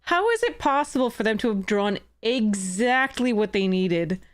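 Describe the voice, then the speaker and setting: A woman's voice: medium pitch, lively intonation, normal speed. A young adult woman streaming a card game, talking to herself in frustration, swearing and laughing in exasperation. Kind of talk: livestream game commentary.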